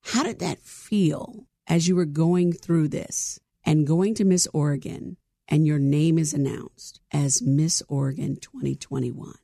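A woman's voice: low voice, steady tone, measured pace, gravelly, dark tone, no room sound, studio quality. A woman hosting a talk-show interview in a playful, joking way, laughing often.

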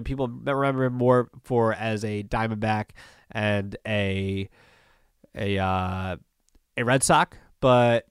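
A man's voice: fairly low pitch, clear, resonant tone, no echo, clean studio sound. A man hosting a solo sports podcast, talking loosely and conversationally, with plenty of fillers and restarts. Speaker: podcast host. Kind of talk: casual solo sports talk.

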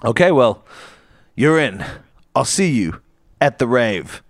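A man's voice: medium pitch, big pitch swings, slow, no room sound, studio quality. A man co-hosting a comedy podcast, narrating an improvised story in a rambling, playful way with frequent laughs.

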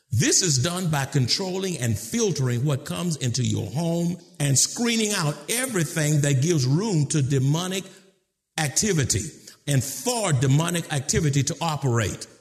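A man preaching a sermon, moving from low, measured points to shouted, emphatic questions, with casual phrasing like "y'all". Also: animated. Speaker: pastor.

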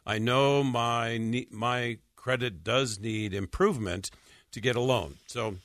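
A man hosting a radio talk show about mortgages, reading listener questions aloud and answering in a halting way, with many fillers and frequent chuckles. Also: mid-range voice, fairly bright tone, no echo, clean studio sound. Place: radio studio.

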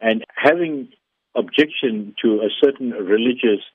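Guy calling into a radio interview, lowish voice, keeps restarting, sounds like a phone line. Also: a little slow, breathy edge, no echo. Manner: formal, emphatic wording with frequent stumbling restarts. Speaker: interview guest, former councillor. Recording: tinny dry phone line.

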